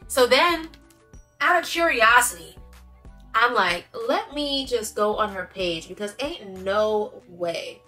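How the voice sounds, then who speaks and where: Young woman ranting in a storytime vlog, super bright forceful voice, slangy and emphatic, little bit of music under it. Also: medium pitch. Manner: animated, emphatic, slangy venting. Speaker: vlogger. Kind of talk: casual storytime chat.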